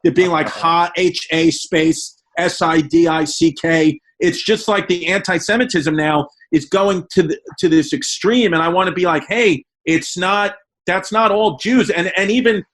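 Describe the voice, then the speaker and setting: A man with a New York accent co-hosting a podcast, excitable and swearing freely in casual chat. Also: a little high, moderate pace, few pauses. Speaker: podcast co-host.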